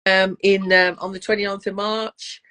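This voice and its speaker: Woman, soft Black Country accent, chatty host, video call, mid-pitched voice. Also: flat delivery, moderate pace. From West Midlands, England. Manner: warm, chatty, calls the guest darling. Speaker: podcast host. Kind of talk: casual interview chat.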